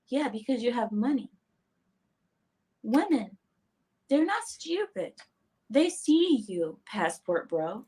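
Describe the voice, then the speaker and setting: A woman's voice: fairly high pitch, sing-song, slow pace, pauses often, mellow. A woman commentator in a played clip, speaking in an emphatic, dismissive way. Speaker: online commentator.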